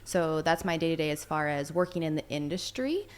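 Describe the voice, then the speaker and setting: A woman's voice: low-pitched, lively intonation, fairly quick. An American woman from Minnesota, a fitness and nutrition coach, chatting as a podcast guest in a friendly way. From Minnesota, USA. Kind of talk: casual conversational interview.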